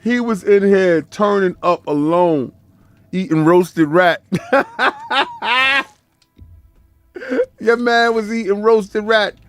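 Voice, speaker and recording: Joking, high-voiced streamer man. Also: wildly swooping pitch, extremely slow, long pauses, fairly bright tone, no room sound. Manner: joking, slangy, laughs often. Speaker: game streamer. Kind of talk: casual gaming commentary.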